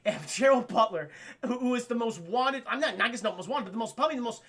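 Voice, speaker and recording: A man recapping a film for his live-stream chat, excitable and profane, often calling out to the chat. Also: very high voice, quick pace. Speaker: streamer reviewing films live.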